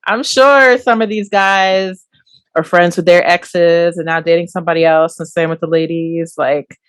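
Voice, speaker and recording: A woman's voice: lowish voice, fairly even intonation, normal speed, clear, resonant tone, no room sound. Dry-voiced teasing young woman co-host. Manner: teasing, wry asides. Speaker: podcast co-host. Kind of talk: casual chat.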